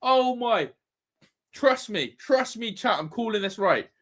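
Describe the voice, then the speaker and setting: A man's voice: high-pitched, animated, a little slow. A man hosting a live football watch-along, ranting and swearing in exasperation at his team. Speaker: fan channel host.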